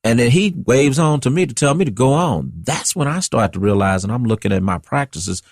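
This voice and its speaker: A man from St. Louis in a casual group discussion, telling neighborhood stories in a measured, reminiscing way. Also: medium pitch, lively intonation, vocal fry, dry recording, studio quality. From St. Louis, USA. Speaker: discussion panelist.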